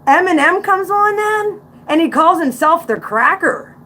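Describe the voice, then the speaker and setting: A woman's voice: very high-pitched, lively intonation, measured pace, pushed and bright. A woman in her forties with a Central Pennsylvania accent, talking bluntly and outspokenly as she reacts to music on a casual livestream. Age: 40s. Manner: blunt, outspoken, preachy asides. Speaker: livestream host.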